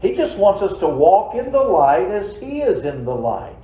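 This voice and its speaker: Folksy preacher in an echoey church. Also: male voice, high voice, sing-song, moderate pace, warm tone. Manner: folksy, conversational preaching with rhetorical questions. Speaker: pastor. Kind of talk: sermon. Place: church sanctuary. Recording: roomy church echo.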